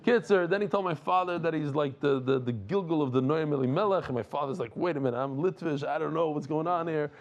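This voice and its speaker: A man teaching a lively Talmud class, rambling and animated, mixing in Yiddish and Hebrew terms. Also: fairly high pitch, dull audio. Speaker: Daf Yomi teacher.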